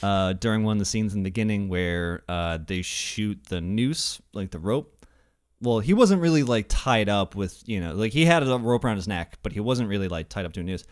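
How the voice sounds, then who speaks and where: Low-voiced man rambling with laughs. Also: animated, normal speed. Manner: rambling, laughs often, filler-heavy storytelling. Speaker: podcast host. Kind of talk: casual movie podcast chat.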